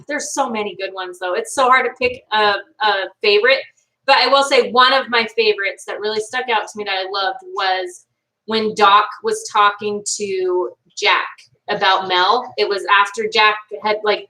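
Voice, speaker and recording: A woman's voice: a little high, pushed and bright, recorded from a distance, low-quality recording. A young woman hosting a casual live stream from home, chatting with viewers and reading their comments in a bubbly, talkative way. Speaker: livestream host reacting to a show.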